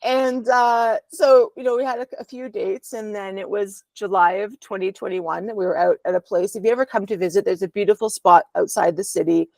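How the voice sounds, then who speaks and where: A woman's voice: medium pitch, fairly even intonation, brisk, vocal fry, few pauses, a little mellow, no echo. A woman, a podcast guest, candidly telling a personal story at home over a video call, with a rambling flow and frequent ums.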